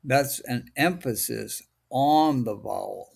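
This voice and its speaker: A man from Hawaii giving a recorded language lesson, slow, deliberate and patient, drawing out each sound. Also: medium pitch, gravelly, darkish tone, husky. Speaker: language teacher.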